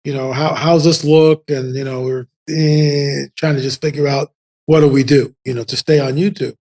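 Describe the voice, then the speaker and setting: A man in his seventies, a podcast guest telling casual stories in an animated, rambling way full of restarts. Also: mid-range voice, normal speed. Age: 70s. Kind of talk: casual storytelling.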